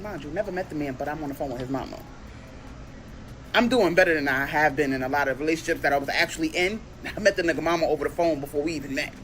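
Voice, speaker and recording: A woman telling a dating story, animated, acting out both sides of the conversation. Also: low-pitched, quick pace, slight background noise. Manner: animated, quoting others in exaggerated voices. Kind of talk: storytime vlog.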